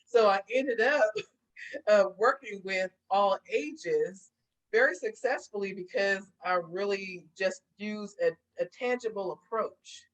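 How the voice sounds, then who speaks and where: A woman speaks as a guest in a relaxed interview. She is an animated storyteller who laughs often and slips into the voices of the people she describes. Her pitch sits in an ordinary middle range. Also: slow, low-quality recording. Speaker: guest therapist. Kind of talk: casual interview chat.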